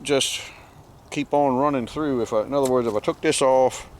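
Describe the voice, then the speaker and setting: A folksy male farmer with a drawl rambles outdoors in a pasture, speaking into a handheld camera. His voice sits at an ordinary pitch, and a faint hiss of outdoor noise runs underneath. He talks in an easygoing, wry way. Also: normal speed. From Southern Maryland, United States. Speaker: farmer vlogger. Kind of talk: casual walk-and-talk narration.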